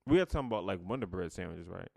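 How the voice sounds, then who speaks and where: A low-pitched, creaky, dark-toned man with lively intonation co-hosts a podcast, recorded dry at studio quality. He has a slight stutter and chats casually, slowly and carefully choosing his words, chuckling along the way.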